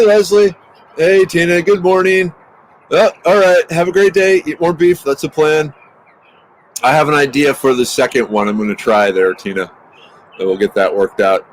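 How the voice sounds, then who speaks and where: A man hosting a casual outdoor livestream, talking extra loud into a handheld microphone. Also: a little high, slight background noise, rough recording. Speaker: livestream host. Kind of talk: casual livestream chat greeting viewers. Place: outdoors near a busy highway. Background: birdsong.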